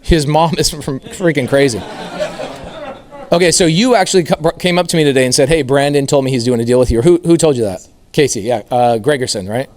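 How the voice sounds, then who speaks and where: A man speaks on stage to a room full of real estate agents. He tells his story with energy, slips into the voices of the people in it, and asks the audience questions. His pitch sits in a middle range for a man. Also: a little fast, a little mellow. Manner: storytelling, acts out quoted voices, addresses the crowd directly. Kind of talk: energetic stage talk with acted-out dialogue. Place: event room with a live audience.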